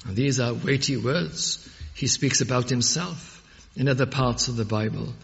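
A man preaching a sermon, fervent and emphatic, rising to loud peaks when he quotes scripture. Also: mid-range voice, normal speed, vocal fry. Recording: muffled audio with long hall reverb.

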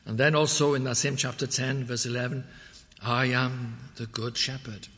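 A man preaching a measured expository sermon, quoting scripture in old English wording. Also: mid-range voice, a bit bright. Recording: long reverb of a church hall.

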